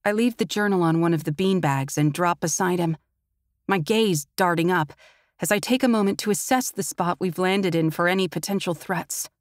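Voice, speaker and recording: A woman's voice: lowish voice, normal speed, no echo. Woman narrating a tense audiobook, dry and close. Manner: tense, intimate first-person storytelling. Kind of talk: first-person audiobook narration.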